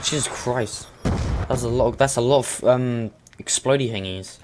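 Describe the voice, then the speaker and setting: A young man giving casual commentary while playing an online shooter, excitable and breaking into sudden shouts. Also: mid-range voice, unhurried, background noise. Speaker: gamer.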